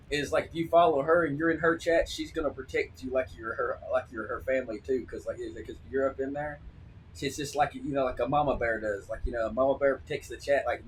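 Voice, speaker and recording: Rambling male streamer, off-mic. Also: medium pitch. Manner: rambling, with frequent restarts and repeated words. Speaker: live streamer. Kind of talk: casual live-stream chat. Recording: distant mic with faint noise.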